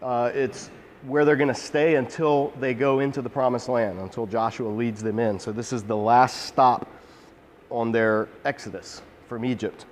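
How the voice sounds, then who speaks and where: A man's voice: mid-range voice, normal speed, a little hiss or hum. Emphatic male Bible teacher, hall reverb. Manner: energetic, emphatic, conversational with repeated restarts.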